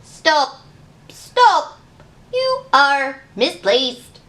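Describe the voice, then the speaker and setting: A woman voicing a stern, mechanical robot that gives loud, slow commands. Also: high-pitched, very animated, voice pushed up, exaggerated voice. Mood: commanding.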